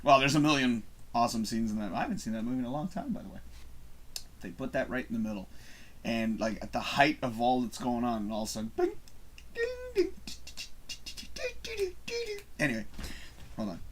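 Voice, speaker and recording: A man's voice: medium pitch, huge pitch swings, a little fast, long pauses, fairly bright tone, a little hiss or hum. A man hosting a live stream show, chatting casually while drinking, rambling and chuckling as he reads viewer comments aloud.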